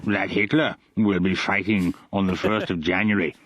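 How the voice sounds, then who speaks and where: A growling, rolling old wartime leader performed by a man within an audiobook reading. The recording is muffled and lo-fi, and the voice sits low. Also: fairly even intonation, normal speed, a bit bright, no room sound. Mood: defiant. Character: British wartime prime minister, gruff elderly man.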